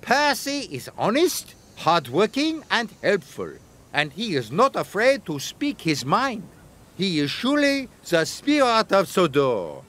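A man's voice: sits high, huge pitch swings, measured pace, a bit bright, voice pushed up, heavily acted. A man voicing a haughty, fussy male artist who sighs and dismisses things, in a storybook cartoon. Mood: admiring. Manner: sighing, dismissive.

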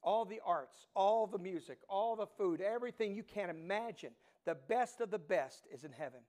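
High-voiced preacher telling stories. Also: male voice, moderate pace. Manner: animated storytelling, swings from hushed to loud. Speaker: pastor. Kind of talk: sermon.

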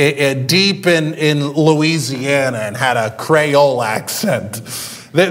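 A man's voice: high-pitched, a bit bright. A male pastor preaching a sermon in a conversational way, with frequent fillers and restarts.

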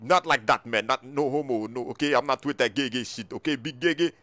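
A man's voice: mid-range voice, fairly quick, a bit bright, no room sound. A gaming YouTuber, a man chatting in a jumpy, panicky way full of "yo" while role-playing through gameplay. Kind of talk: excited role-play gameplay chat.

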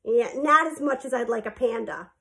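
A cheeky young boy brags his way through the storybook, voiced by a woman reader. His voice sits high and swings widely, eager and pleased with himself. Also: lively intonation, normal speed, creaky, pushed and bright, full character voice. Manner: eager, boastful child voice.

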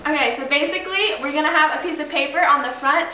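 A woman's voice: high voice, fast, bright, forceful tone. A young woman hosting her vlog in a casual, giggly, chatty way with plenty of ums. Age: young adult. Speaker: vlogger host. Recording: echoey room, camera from far off, faint hiss.

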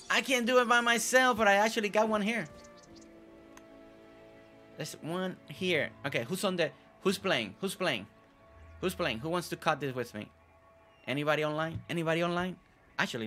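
Chatty man with a bright voice. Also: medium pitch, gravelly. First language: not English. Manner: chatty, repeats words, stumbles over names. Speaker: gameplay video host. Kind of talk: casual gameplay commentary.

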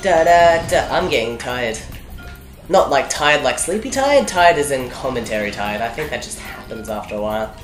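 This gaming commentator, a young woman, has a very deep, expressive voice and speaks at a moderate pace. She does let's play commentary that's jokey and rambling, chatting to herself as she plays, with game music in the background of an echoey room.

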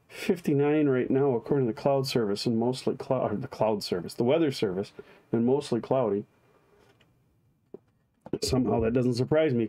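A man's voice: medium pitch, warm tone. A man, a pastor, leading a live-streamed daily devotion, chatting with viewers by name and reading liturgy aloud.

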